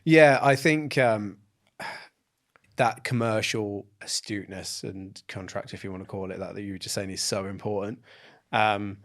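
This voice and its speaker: A man co-hosting a casual podcast, talking in a relaxed way with many fillers and easy laughter. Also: on the low side, normal speed. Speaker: podcast co-host. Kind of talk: casual conversation.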